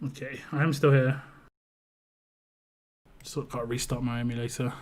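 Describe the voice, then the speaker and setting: A man's voice: medium pitch, little pitch movement, normal speed, darkish tone. A man with a British accent, chatting casually on a live stream, rambling and often repeating his words. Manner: rambling, repeats words, reads chat aloud.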